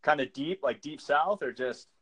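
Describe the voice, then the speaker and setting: A man's voice: fairly high pitch, moderate pace, a bit bright. An American man hosting a podcast, chatting in a laid-back, rambling way and laughing easily. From United States. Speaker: podcast host. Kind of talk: casual chat.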